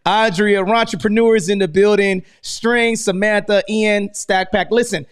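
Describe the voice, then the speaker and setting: A man's voice: high voice, steady tone, measured pace, clean tone. A man hosting a live real estate stream, talking casually and energetically with lots of slang and repeated "man". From United States. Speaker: host.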